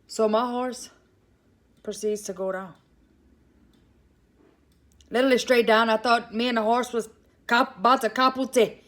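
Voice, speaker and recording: A woman with a Cajun Louisiana accent spins a comic tale, talking to her listeners as "y'all". Her voice sits a little high and she tells it with lively, casual energy. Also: unhurried, pauses often. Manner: animated, addresses listeners as "y'all". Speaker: storyteller.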